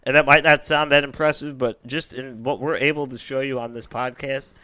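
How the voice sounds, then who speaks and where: A man's voice: mid-range voice, fairly even intonation, a little fast, sharp tone, dry recording. A young man hosting a podcast in casual chat, jokey and playful, rambling between topics. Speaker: podcast host.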